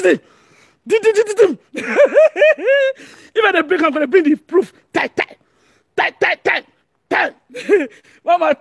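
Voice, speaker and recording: Nigerian lady ranting to camera, high voice, loud and laughy, dry sound. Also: no echo. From Edo, Nigeria. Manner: excitable, often shouting and laughing. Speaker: online commentator. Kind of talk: animated monologue.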